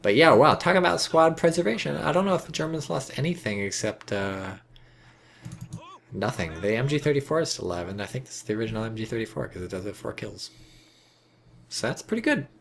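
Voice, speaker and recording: A man commenting casually on a strategy game, his voice sitting at a middling pitch. He swears often, jumps into excitement and slips into sarcasm. A faint hiss runs beneath the recording. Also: brisk, creaky. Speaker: game caster.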